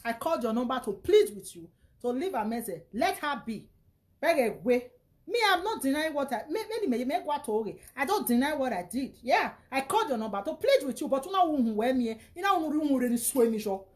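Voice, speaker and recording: High-pitched, scolding Nigerian woman. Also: sing-song, fairly quick. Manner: scolding, insulting, repeats herself. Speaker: vlogger. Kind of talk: angry social media rant.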